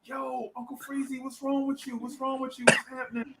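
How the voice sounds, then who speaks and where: A man voicing a seven-year-old girl who gently asks what is wrong. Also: very high voice, little pitch movement, fairly quick, gravelly, very noisy, voice pushed up. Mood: worried. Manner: soft, concerned questions.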